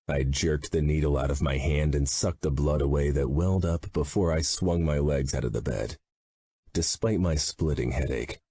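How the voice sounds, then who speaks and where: A man narrating an audiobook in first person, gruff and blunt, swearing freely. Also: extremely low pitch, steady tone, moderate pace, dark tone.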